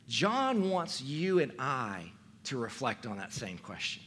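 A male teaching pastor preaching a sermon, acting out the quoted voices with dramatic swings from loud to quiet. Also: medium pitch, sing-song, slow pace, breathy edge. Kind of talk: expository sermon.

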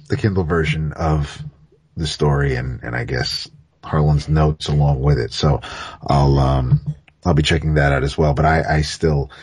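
A man with an extremely deep, husky voice talks through a comic book review in a loose, halting way, circling back with plenty of fillers. He sounds close and dry, with no room around him. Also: a little mellow, no room sound. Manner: hesitant, many fillers and restarts. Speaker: podcast co-host. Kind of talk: casual comics podcast chat.

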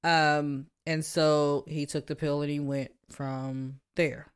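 A woman's voice: sits low, flat delivery, takes it slowly, clean tone. A woman co-hosting a casual podcast, animatedly retelling film scenes and laughing often. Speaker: podcast co-host. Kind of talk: casual film-discussion chat.

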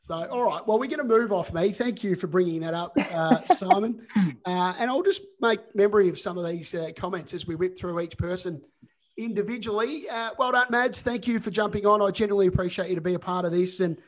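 A man's voice: sits high, a little fast, a little hiss or hum. A man hosting a casual video-call podcast, chatty and full of fillers. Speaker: podcast host.

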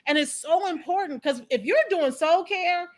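A woman guest, a company founder and coach, chatting casually and telling animated personal stories. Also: extremely high pitch, normal speed. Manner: animated, emphatic storyteller.

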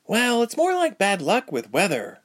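A man's voice: sits high, wildly swooping pitch, normal speed, pitched above the performer's own voice, heavily acted. A man doing a curious young woman traveler. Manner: inquisitive, soft questioning.

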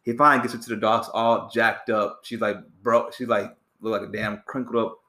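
A man's voice: on the low side, level tone, fairly quick, bright, forceful tone, echoey room. A man hosting a podcast, chatting casually about a movie and acting out scenes with quoted voices. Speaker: podcast host.

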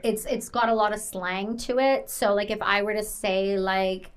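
A woman's voice: mid-range voice, fairly even intonation, moderate pace, clear, resonant tone. A woman from Canada hosting a casual interview, chatty and rambling, with lots of fillers. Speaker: podcast host.

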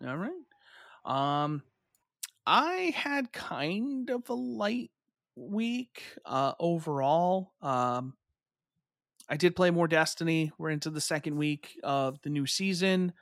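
A man's voice: fairly high pitch, lively intonation, takes it slowly, a bit bright, dry recording, clean studio sound. A young man co-hosting a podcast in casual chat, rambling with lots of fillers and swearing freely.

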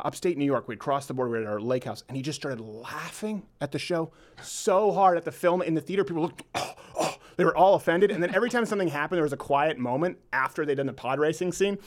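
A man hosting a comedic talk show, telling animated stories and laughing along with them. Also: fairly high pitch, fast talker, few pauses. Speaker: podcast host.

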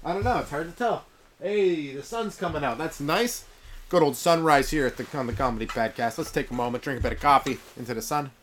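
A man's voice: fairly high pitch, fairly quick, fairly bright tone, a little hiss or hum. A man hosting a solo comedy podcast, rambling and sarcastic. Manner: rambling, sarcastic, mumbles asides. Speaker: podcast host. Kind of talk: stand-up comedy monologue.

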